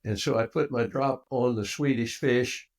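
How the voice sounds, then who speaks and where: An older man, a guest on an interview show, telling a personal story and acting out the dialogue with big swings in voice. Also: normal speed. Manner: animated storyteller who acts out dialogue with big swings in pitch and loudness.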